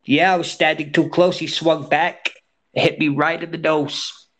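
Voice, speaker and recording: A man's voice: a little high, flat delivery, measured pace. A man with a nasal voice, chatting casually and telling rambling stories. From Scotland. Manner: rambling, anecdotal storyteller. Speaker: entertainer and guest. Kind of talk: casual chat.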